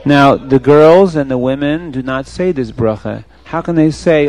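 A man telling a story to children in an animated way, often asking the audience questions. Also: medium pitch, unhurried, hardly any pauses.

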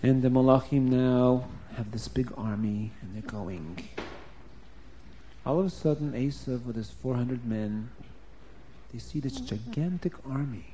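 A man telling a story to children in a lively, emphatic way, changing his voice often. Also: mid-range voice, unhurried, slight background noise.

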